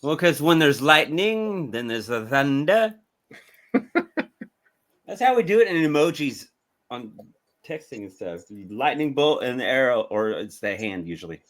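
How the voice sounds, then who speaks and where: A man's voice: mid-range voice, big pitch swings, a little slow. A man co-hosting a casual movie review podcast, joking around, laughing often and swearing freely. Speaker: podcast co-host.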